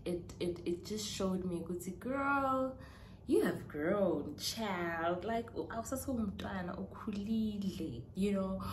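A young South African woman vlogging in a casual, heartfelt way, chatty and emotional with hesitant pauses. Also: medium pitch, a little mellow, a little hiss or hum. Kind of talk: casual personal vlog. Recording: roomy echo with clear background ambience.

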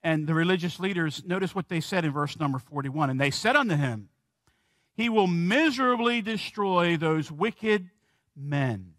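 A man preaching a sermon in a church as pastor, slowing down and stressing key words and asking the congregation questions. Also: on the high side, animated, fairly bright tone, dry recording, clean studio sound.

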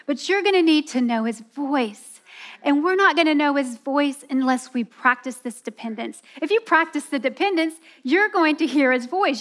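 A woman giving a sermon at a women's church event, earnest and telling a personal story. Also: sits high. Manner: earnest, storytelling, acts out voices with laughs.

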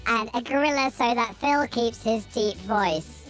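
A man on a radio show with his voice pitch-shifted up by the desk, sounding childlike and self-conscious. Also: a little slow, a bit bright, soft background music. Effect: pitch-shifted higher. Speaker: radio co-host.

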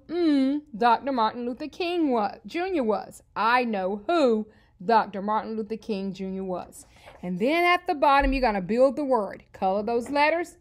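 A woman teaching an early reading lesson to young children, spelling out words letter by letter in an upbeat, encouraging way. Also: fairly high pitch. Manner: slow, clear spelling out of letters.

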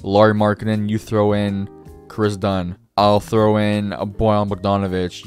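Low-voiced young man narrating his gameplay. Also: level tone, a little slow. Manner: chatty, self-mocking, talks to the game and to viewers. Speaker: gaming YouTuber. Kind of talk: casual gameplay commentary. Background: faint background music.

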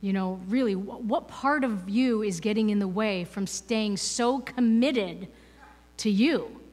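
Speaking at a measured pace, a woman with a medium-pitched, darkish voice delivers a playful, conversational spiritual talk as a guest in a church hall. She tosses rhetorical questions to the audience as the hall reverberates.

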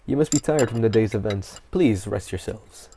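A man's voice: lowish voice, normal speed, dark tone, slight background noise, close to an everyday voice. A man doing a courteous old storyteller. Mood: polite. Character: kindly old male innkeeper telling legends.

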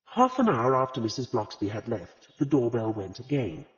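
A man narrating an audiobook in an expressive storytelling manner. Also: medium pitch, normal speed. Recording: reverberant, slightly dull audiobook recording.

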